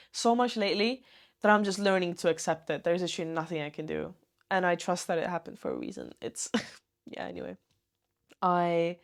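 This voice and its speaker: A woman talking to camera in a personal vlog, gentle and earnest, with meandering sentences. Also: lowish voice. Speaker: vlogger.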